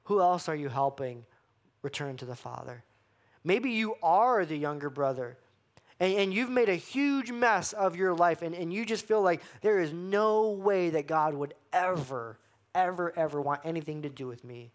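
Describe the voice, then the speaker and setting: A man pastor preaching a sermon, acting out the voices he quotes and dropping to hushed emphasis. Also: fairly high pitch, lively intonation, moderate pace.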